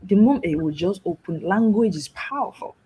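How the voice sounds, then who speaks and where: A woman from Nigeria, a guest on a talk show, telling stories in a lively way with frequent laughs. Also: medium pitch, brisk, husky, poor audio. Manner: lively, laughing, switches into mimicked voices. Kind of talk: animated storytelling talk.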